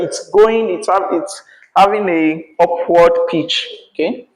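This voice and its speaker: A man's voice: high voice, measured pace. A male teacher, teaching a class patiently and checking in often with "yeah?" and "right?". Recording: echoey classroom.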